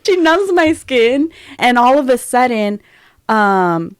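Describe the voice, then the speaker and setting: A young woman co-hosting a casual podcast, telling an animated story that often breaks into laughter. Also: high voice, unhurried, clean tone, dry recording, studio quality. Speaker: podcast co-host. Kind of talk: casual chat.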